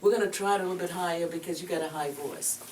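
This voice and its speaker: A woman's voice: on the low side, very fast. A woman giving a voice lesson as a vocal coach, chatty and encouraging, calling her student "girl". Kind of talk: voice lesson instruction. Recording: echoey room, mic far off, background noise.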